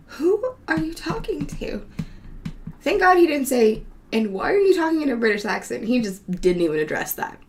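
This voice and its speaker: A woman's voice: medium pitch, a bit bright, a little hiss or hum. Woman, casual monologue, chatty, laughs often, swears a lot, home recording. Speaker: show host.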